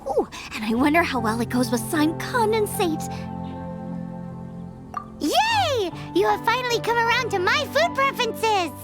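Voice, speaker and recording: A bubbly young food-mad chef. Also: female voice, sits high, big pitch swings, a little fast, hardly any pauses. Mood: excited. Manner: bubbly, enthusiastic, rambles about recipes. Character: cheerful young female chef, food-obsessed and eager. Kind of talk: game cutscene voice acting. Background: background music.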